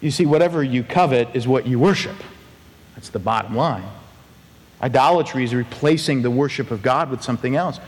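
A man preaching a sermon as pastor, animated and acting out quoted voices with big pitch swings. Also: brisk, in a large hall.

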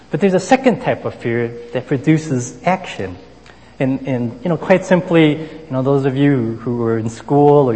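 A man's voice: mid-range voice, a little mellow. A man delivering a sermon in a conversational way, with frequent "you know" fillers and personal stories. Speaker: preacher. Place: Boston area. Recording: long hall reverb.

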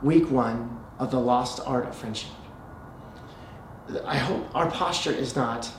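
A man's voice: mid-range voice, a little hiss or hum. Storytelling male pastor in an echoey church. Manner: storytelling preacher, slows for emphasis. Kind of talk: sermon. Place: church sanctuary. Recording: echoey church hall, faint ambience.

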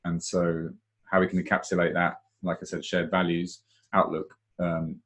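A man co-hosting a live webinar, talking in a reflective, low-key way in a casual discussion. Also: level tone, normal speed, a bit bright, husky.

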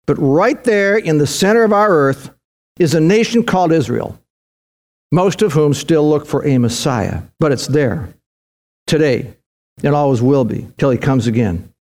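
A man's voice: medium pitch, expressive, measured pace, a little mellow. A man preaching a sermon as pastor, fervent and emphatic, often repeating words and restarting lines as he drives a point home.

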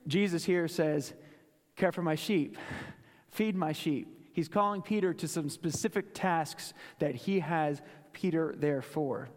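Raised-voiced pastor preaching in a reverberant hall. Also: male voice, on the high side. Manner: dramatic, drops to a hush for emphasis; repeats phrases for weight. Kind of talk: sermon.

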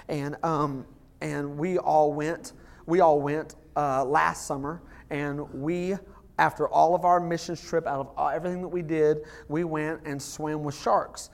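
A middle-aged male pastor preaching a sermon in a church service, telling stories with restarts and swinging between loud, excited bursts and quiet, earnest emphasis. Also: on the high side, creaky.

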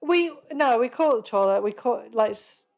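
An Australian woman talking as a podcast guest. Her voice sits a little high, and she speaks bluntly, laughs often and swears freely. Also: animated, normal speed, gravelly, a little mellow. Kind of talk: casual chat.

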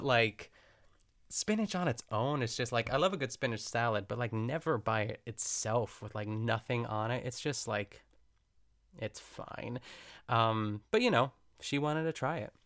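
A man's voice: medium pitch, gravelly, a bit bright. A man hosting a podcast, recapping a cooking show in a casual, meandering chat full of "like" and wry asides.

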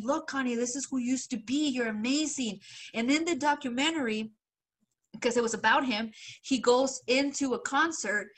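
A slightly high, somewhat bright female voice belongs to a podcast co-host telling a lengthy story in casual conversation. She does the quoted voices, laughs frequently, and talks loosely with swearing and filler.

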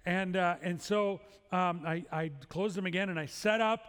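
A man's voice: high-pitched, steady tone, normal speed, fairly bright tone, smooth. A middle-aged male pastor preaching a sermon, telling a story with humorous, self-deprecating asides. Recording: long hall reverb.

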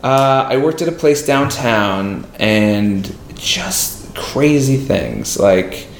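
A man, a podcast guest, telling a story in a casual, animated way and acting out other people's lines. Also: medium pitch, drawn-out words, creaky, slight background noise. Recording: roomy echo.

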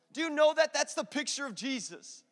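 High bright-voiced guy preaching, goes loud then hushed, big echoey church. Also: lively intonation, moderate pace. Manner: impassioned, swings from loud to hushed. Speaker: pastor. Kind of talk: sermon.

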